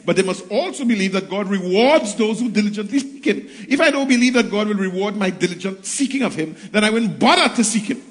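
High-voiced preacher in an echoey church. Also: male voice. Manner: preaching with scripture readings, rising and calling out to the congregation. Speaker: pastor. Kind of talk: sermon.

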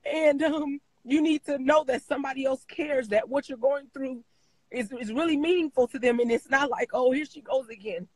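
A woman's voice: high voice, moderate pace, no echo, poor audio. A woman guest in an interview, telling a personal story with emotion, repeating phrases and using many fillers, crying at times.

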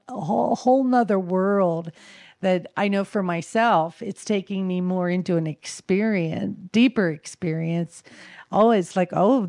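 A woman's voice: medium pitch, no echo. Earnest woman sharing faith, dry sound. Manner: earnest, searching, many fillers and restarts; gentle and devotional. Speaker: speaker at a spiritual gathering. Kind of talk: heartfelt spiritual sharing.

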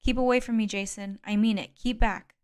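A woman's voice: mid-range voice, drawn-out words, fairly bright tone, clear, resonant tone. Scared young woman with a gun, shaky and desperate, raised voice, read by a woman. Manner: pleading then defiant, shaky.

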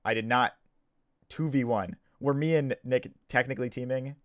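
A man's voice: medium pitch, moderate pace, no room sound, studio quality. A man, just woken up, explaining himself in a casual video commentary, defensive and stumbling, repeating and restarting his sentences. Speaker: gaming YouTuber.

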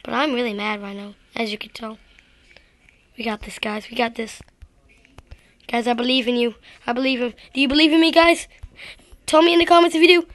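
A woman's voice: on the high side, steady tone, brisk, long pauses, a bit bright, no echo. A woman giving rambling, self-deprecating gameplay commentary straight to her viewers. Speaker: gaming video creator.

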